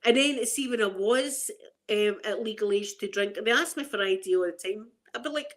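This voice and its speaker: A Scottish woman in her forties, chatting casually on a live stream and telling funny stories about herself. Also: fairly quick. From Scotland. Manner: animated, self-mocking, quotes herself in a high excited voice. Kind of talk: casual live chat storytelling.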